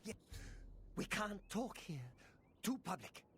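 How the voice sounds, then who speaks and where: An actress voicing a secretive townswoman in a fantasy video game, speaking in a hushed, conspiratorial way. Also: mid-range voice, big pitch swings, slow pace, a little hiss or hum.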